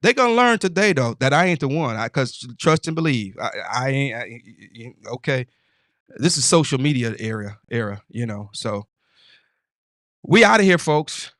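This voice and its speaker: A man's voice: mid-range voice, no room sound, clean studio sound. A man hosting his own show, talking in a casual, emphatic and preachy way with stammering restarts. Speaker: host. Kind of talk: casual motivational monologue.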